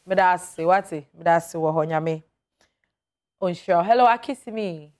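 A woman hosting a radio call-in show, chatting with callers and reading listeners' messages, lively and quick to laugh. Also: fairly low pitch. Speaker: radio talk show host.

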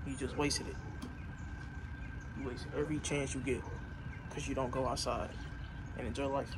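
A young man giving an earnest, casual motivational pep talk, repeating himself and pushing his voice louder as he urges the listener on. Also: medium pitch, little pitch movement, normal speed, background noise. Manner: earnest, repetitive, rising to loud urging. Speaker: vlogger.

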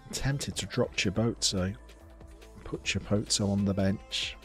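A man live-streaming a football management game, chatting to viewers and reacting loudly to the play. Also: fairly low pitch, unhurried, faint music behind.

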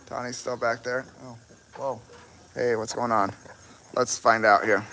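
A man's voice: medium pitch, level tone, a little slow, vocal fry, sharp tone, a little hiss or hum. A man chatting casually on a livestream outdoors, rambling with lots of ums and restarts. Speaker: horse rescue livestreamer. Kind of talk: casual rambling live chat.

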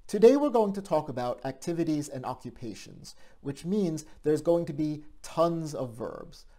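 A man hosting and teaching an online language lesson in a lively, playful manner. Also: on the high side, normal speed. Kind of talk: scripted lesson for an online show.

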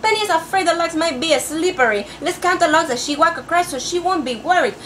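A woman playing an overeager class teacher, reading a storybook aloud in a sing-song voice with drawn-out words and Spanish phrases mixed in. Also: very high voice, fairly bright tone, slight background noise. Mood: playful. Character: overeager female teacher persona, adult, playful. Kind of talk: comic storybook read-aloud.

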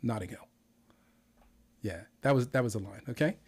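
A man's voice: medium pitch, moderate pace, darkish tone, breathy edge. A man hosting an interview, talking casually and playfully with frequent fillers and restarts. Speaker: interviewer and show host.

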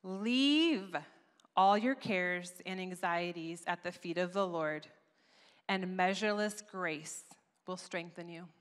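A woman giving a sermon at a conference, telling a story with lively, acted-out asides. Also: on the low side, slow, clean tone. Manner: animated storytelling, acts out her own past voice. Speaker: conference speaker. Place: church auditorium. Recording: long reverb of a large hall.

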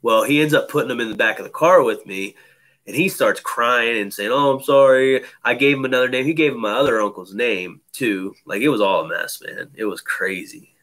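Brightish man telling a story casually. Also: mid-range voice, a little fast. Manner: loose, profane, many fillers like "you know".

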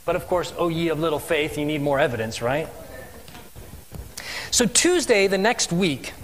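High-voiced, lively man telling a testimony. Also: normal speed, a little hiss or hum. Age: adult with three children. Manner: animated storyteller, asks the congregation questions. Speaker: missionary speaker. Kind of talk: sermon testimony storytelling. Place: church.

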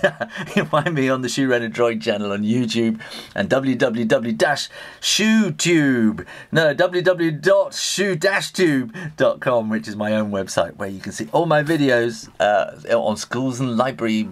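A man's voice: medium pitch, slight background noise. A middle-aged British man giving a chatty spoken drawing tutorial, talking as he draws and often trailing off and restarting. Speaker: illustrator teaching drawing.

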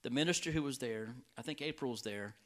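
Speaking fast in a medium-pitched, slightly bright voice, a healing evangelist gives his testimony during a church talk. He tells it to the congregation with animation, his voice jumping high each time he quotes his own reactions.

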